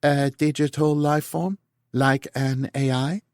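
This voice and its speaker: A man's voice: a little high, fairly even intonation, slow, a little mellow, dry recording, studio quality. A male narrator voicing a female general who presses with blunt, demanding questions.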